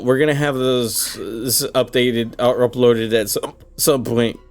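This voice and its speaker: A drunk man hosting a casual stream sign-off, rambling, swearing and breaking into high laughter, hiccuping now and then. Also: steady tone, a little slow, few pauses, soft background music. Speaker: streamer and host.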